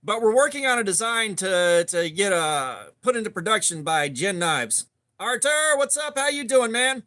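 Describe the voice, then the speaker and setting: Man, very high voice, casual live stream host, relaxed chat. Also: normal speed. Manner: laid-back, greets chat viewers by name. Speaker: livestream host.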